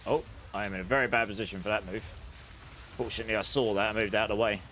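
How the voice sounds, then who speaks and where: A man's voice: lowish voice, steady tone, rapid-fire, fairly bright tone, a little hiss or hum. Chatty man streaming a game. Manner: chatty, rambling anecdotes with laughs. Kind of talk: casual chat while gaming, answering chat.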